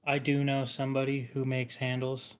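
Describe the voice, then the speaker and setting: Man, monotone, very flat, casual livestream talk, knife seller. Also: mid-range voice, moderate pace, clean tone.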